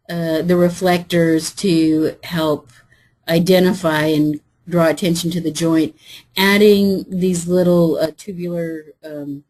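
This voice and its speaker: Husky-voiced woman giving a conference talk. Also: fairly low pitch, a little mellow, low-quality recording. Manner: conversational, with fillers and asides. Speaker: state transportation official presenting. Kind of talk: conference presentation.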